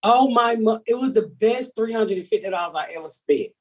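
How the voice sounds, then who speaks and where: Woman, comic podcast host, husky and brash, profane storyteller. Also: on the high side, animated, a little fast, darkish tone. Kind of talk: casual comedic chat.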